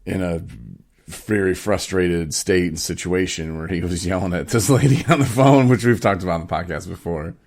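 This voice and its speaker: Laid-back gravelly low-voiced man. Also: moderate pace, a little mellow. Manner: laid-back storytelling, laughs often, acts out quotes. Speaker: podcast host. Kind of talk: casual podcast chat. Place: home studio.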